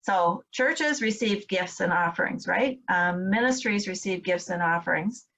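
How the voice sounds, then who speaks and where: A woman's voice: lowish voice, unhurried, fairly bright tone, poor audio. A woman instructor giving a recorded training lecture, explaining step by step with frequent fillers and check-ins with her listeners. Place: home, in Michigan.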